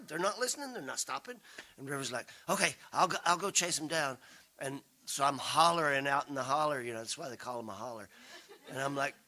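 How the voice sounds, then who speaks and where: A man's voice: medium pitch, quick pace, sharp tone. A man, telling rambling, self-deprecating family stories to a congregation and acting out the voices he quotes. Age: 60s. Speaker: guest speaker and folk singer. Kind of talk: storytelling talk to a congregation. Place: spiritual center, broadcast live.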